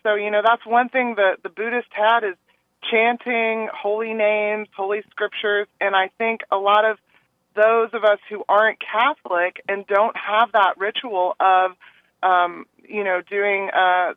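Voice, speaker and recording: A woman's voice: mid-range voice, a little slow, no room sound. Earnest woman caller on a phone line. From Texas. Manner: earnest, rambling, quoting others in animated asides. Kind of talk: call-in radio chat.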